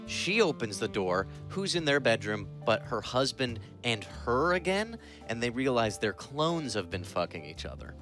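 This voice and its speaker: A man with a bright, forward voice rambles through an absurd joke in a deadpan way, veering into wild tangents. Faint music plays underneath. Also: mid-range voice, normal speed, few pauses. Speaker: stream host. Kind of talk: absurd improvised joke telling.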